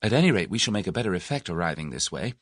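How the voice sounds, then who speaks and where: A man's voice: sits low, slightly rough, dry recording, heavily acted. A man voicing Tuppence, an eager, impulsive young woman adventurer, in an audiobook. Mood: pert. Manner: excitable, quick, animated.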